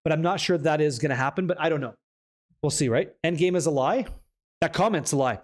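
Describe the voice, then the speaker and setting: A man's voice: a little high, fast talker. A young man hosting a live stream, reading chat aloud and joking in a casual, hyped way with some swearing. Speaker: streamer host.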